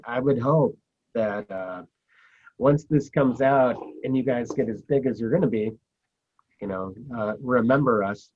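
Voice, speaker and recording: A man hosting a podcast, talking in a hesitant way with many fillers, on a muffled recording. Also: lowish voice. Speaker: host. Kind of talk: casual podcast chat. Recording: dull, muffled line.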